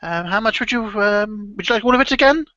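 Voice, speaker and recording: A man's voice: fast talker, bright, forceful tone, no echo, lo-fi sound. Man putting on a flustered old shopkeeper lady. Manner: stammering, quavering, high. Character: frail old woman shopkeeper, flustered and clumsy.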